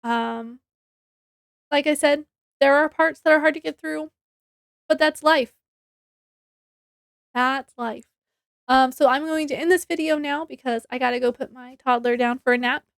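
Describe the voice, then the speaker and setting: High-voiced, unhurried woman chatting. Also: steady tone, creaky, dry recording, clean studio sound. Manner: rambling, self-correcting, giggly. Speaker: book reviewer. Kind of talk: casual chat.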